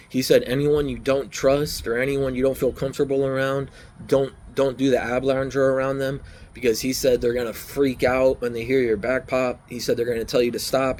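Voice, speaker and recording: A man's voice: mid-range voice, a little mellow, a little hiss or hum. A man casually telling his own story outdoors, rambling and repeating key phrases over and over. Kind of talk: casual first-person storytelling.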